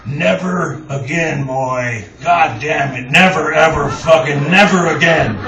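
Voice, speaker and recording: A man's voice: a little high, unhurried, lo-fi sound, crowd noise. A furious older man growls and scolds , as a male storyteller puts him on. He barks the words out with stomping anger. The sound is distant and roomy, recorded from the audience. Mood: angry. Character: angry hungover older man barking at a younger man.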